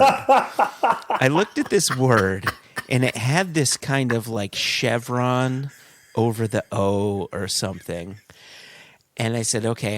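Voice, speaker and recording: A middle-aged man co-hosting a podcast in casual chat, telling stories in an animated way and laughing at himself. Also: medium pitch. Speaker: podcast co-host.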